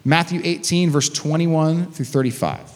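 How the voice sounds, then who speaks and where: A man's voice: on the high side, normal speed. A man preaching a sermon as a pastor, reading scripture and breaking in with casual, conversational asides. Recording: long hall reverb.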